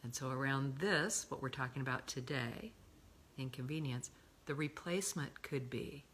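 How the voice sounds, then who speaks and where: A middle-aged woman giving a calm coaching talk, often slipping into a breathy whisper and stretching key words slowly. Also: rumbling low, slight background noise. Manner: slow, drawn-out emphasis on key words. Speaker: love coach.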